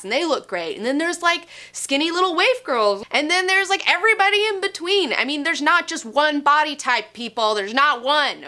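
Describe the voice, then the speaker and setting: A young woman ranting enthusiastically about a comic, gushing and swearing, full of "like" and fast asides. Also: high-pitched, pushed and bright. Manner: gushing, profane, lots of "like". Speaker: comic book reviewer. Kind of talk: excited solo review rant.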